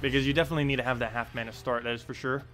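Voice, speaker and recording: Jersey accent guy streaming a game, bright voice, middle pitch, lots of um and uh as he goes. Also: steady tone, rapid-fire, soft background music. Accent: New Jersey. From United States. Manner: rambling, many ums and uhs, chuckles at himself. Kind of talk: casual live gameplay commentary.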